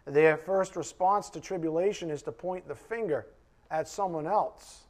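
A man preaching a conversational sermon to a Bible class. He talks directly to his listeners and swings between loud emphasis and quiet asides. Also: a little high, moderate pace. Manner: emphatic and direct, addressing the congregation.

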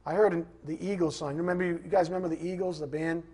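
A man's voice: a little high, fairly even intonation, quick pace, mellow, slightly rough. A man preaching a sermon, repeating scripture references and putting questions to his congregation in an emphatic style. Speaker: pastor.

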